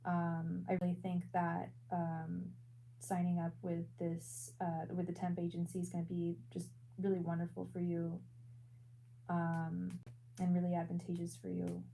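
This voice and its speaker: A woman working as a tarot reader and psychic medium on a live stream. She talks in a soft, halting way and repeats her words often. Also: lowish voice, monotone, gravelly, a little hiss or hum, poor audio. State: emotional.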